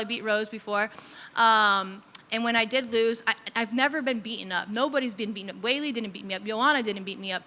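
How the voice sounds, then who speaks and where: Woman in her 30s, fighter at a post-fight presser; candid, emotional, bright tone, slightly high, reverberant room. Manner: candid and openly emotional, rambling with restarts. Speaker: professional fighter. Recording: long reverb.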